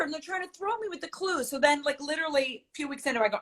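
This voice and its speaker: A woman's voice: extremely high pitch, rapid-fire, hardly any pauses, fairly bright tone. A woman in a casual video-call chat, enthusiastic and playfully teasing. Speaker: guest.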